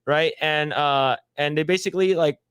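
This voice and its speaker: High-pitched guy recapping a show, cussing and doing the voices, dead dry sound. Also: moderate pace, smooth, no echo. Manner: animated, profane, acts out scenes in voices. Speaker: podcast co-host. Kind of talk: casual chat.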